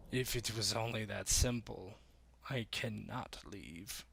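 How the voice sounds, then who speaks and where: A man's voice: on the low side, vocal fry, slight background noise, exaggerated voice. Man voicing a guttural, weary otherworldly spirit. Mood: cold, weary. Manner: slow, quiet and aloof. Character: otherworldly male-voiced spirit possessing a young woman, cold and weary.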